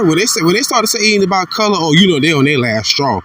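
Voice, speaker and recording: A man giving an informal religious commentary monologue. He is blunt and profane, repeats himself, and swings between fired-up outbursts and low muttering. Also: big pitch swings, fast, fairly bright tone, no echo, far from the mic.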